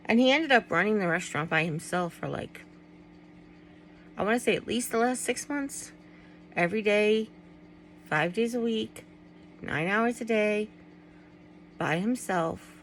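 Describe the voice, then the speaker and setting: Gravelly-voiced woman talking candidly to camera. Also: medium pitch, lively intonation, unhurried, pauses often, fairly bright tone, slight background noise, poor audio. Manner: rambling, candid, trails off and restarts. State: tearful at times. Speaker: vlogger. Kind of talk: personal vlog, talking to viewers.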